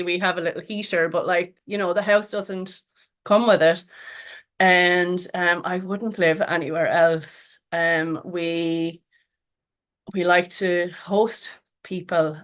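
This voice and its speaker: A woman's voice: on the low side, fairly even intonation, takes it slowly, fairly bright tone. An Irish woman in middle age talks through a personal story in a loose, conversational way. She laughs often, trails off and restarts, and keeps filling gaps with little verbal fillers. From Ireland. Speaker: podcast guest. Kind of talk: casual storytelling interview.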